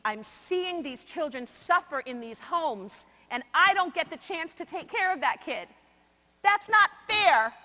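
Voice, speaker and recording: A high-voiced woman from New York delivers a motivational keynote to a conference crowd. She swings from loud, punchy emphasis to slow, hushed asides. Her voice rings with a long reverb in a large hall. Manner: expressive, shifts between loud emphasis and quiet slow asides. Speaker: conference speaker.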